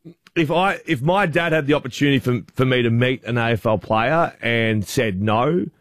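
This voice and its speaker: A man's voice: medium pitch, normal speed, no echo, studio quality. A man with an Australian accent hosting breakfast radio, telling stories in a chatty, self-mocking way. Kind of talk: casual radio storytelling. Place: radio studio. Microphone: studio microphone.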